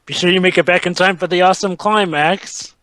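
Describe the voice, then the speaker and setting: A man's voice: sits high, fairly even intonation, a bit bright, dry recording. A man co-hosting a casual movie commentary in a playful, joking way. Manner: playful, quick to joke. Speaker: podcast co-host.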